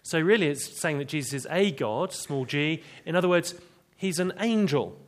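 Male preacher, emphatic sermon delivery, slightly higher voice. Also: animated. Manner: earnest, emphatic, reads scripture slowly.

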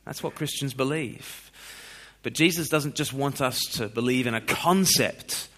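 A man preaching a sermon, expressive, moving between loud questions and quiet scripture reading. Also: medium pitch, measured pace.

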